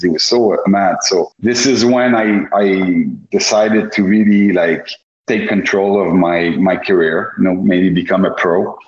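A man's voice: low voice, steady tone, measured pace. A former hockey goalie recalling his career in a casual, rambling interview, with many restarts. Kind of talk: interview recollection. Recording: echoey room, dull lo-fi sound.

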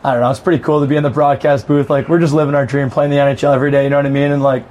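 A man's voice: medium pitch, level tone, racing, darkish tone. A man, a pro hockey player on a podcast, easygoing and rambling, with lots of "like" and "you know". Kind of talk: casual podcast chat.

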